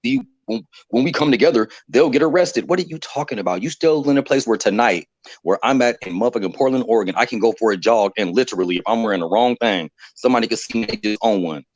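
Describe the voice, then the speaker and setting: A man on a live stream, fired up and cursing as he talks, breaking into laughs. His voice sits low. The sound is dry and dull, like a lo-fi home mic. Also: fast talker, no echo. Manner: animated, profane, laughing. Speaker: livestream panelist. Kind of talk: heated casual discussion.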